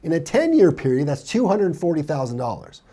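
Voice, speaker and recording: A man coaching on real estate sales as he comments on a played clip, often acting out clients' lines. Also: brisk. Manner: animated, acts out buyers' lines in a higher voice.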